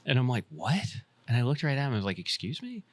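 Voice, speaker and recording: A man's voice: mid-range voice, rapid-fire, no room sound. A man co-hosting a podcast, telling a story in casual chat with swearing and laughs, acting out what people said. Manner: swearing, laughing storyteller who acts out quotes. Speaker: podcast co-host.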